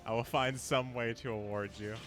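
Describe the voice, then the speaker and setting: A man's voice: mid-range voice, fairly even intonation, moderate pace, music in the background. A man streaming a game, chatting casually with viewers and laughing often. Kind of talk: casual live-stream chat.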